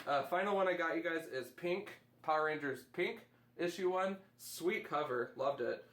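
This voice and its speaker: A man's voice: on the high side, normal speed, a bit bright, reverberant. A man hosting a casual chat, enthusiastically rambling through comic reviews. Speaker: host.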